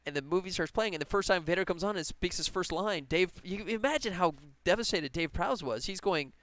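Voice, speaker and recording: A man's voice: high voice, lively intonation, fairly quick, fairly bright tone. A man game developer chatting casually on a live stream while he works, rambling and laughing often. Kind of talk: casual livestream chat while working.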